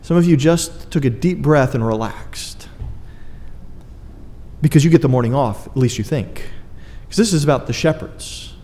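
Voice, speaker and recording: Man, pastor, sermon, emphatic and earnest, mellow tone, echoing church hall. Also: mid-range voice, moderate pace. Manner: earnest, emphatic preaching with dry asides.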